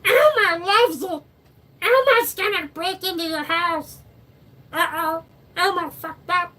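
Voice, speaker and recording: A man voicing a small, mischievous red puppet monster who speaks of himself in the third person in a very high, squeaky voice. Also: slow, pushed and bright, recorded from a distance, heavily acted.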